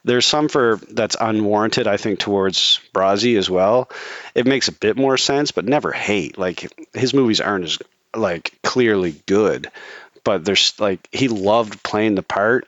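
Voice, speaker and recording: A man's voice: on the low side, normal speed, a bit bright, no echo, lo-fi sound. A man co-hosting a casual chat, opinionated and swearing freely, with many restarts. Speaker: podcast co-host.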